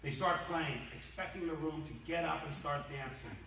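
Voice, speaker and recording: A man roasting a guest of honour, spinning comic stories with lively acted-out bits. His voice sits a touch high. It rings around a large, echoing banquet hall, heard from well off the mic, with a steady hiss in the room. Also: moderate pace, creaky. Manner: lively storyteller, acts out the characters. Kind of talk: comic storytelling speech. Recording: echoey hall, distant mic.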